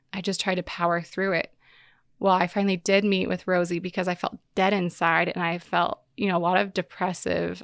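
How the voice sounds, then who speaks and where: Low creaky woman sharing candidly. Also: no room sound, clean studio sound. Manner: candid, halting, many fillers. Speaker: podcast host. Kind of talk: personal storytelling monologue.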